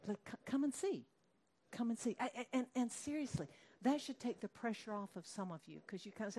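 A woman's voice: a little high, animated, fairly quick, mellow. A woman preaching a conversational sermon, asking her listeners questions and acting out quoted lines in a raised voice.

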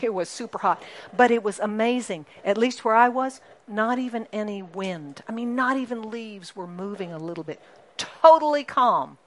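A woman preaching a sermon to a congregation, animated and emphatic, often asking the listeners questions and repeating key lines. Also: mid-range voice, normal speed. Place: church congregation.

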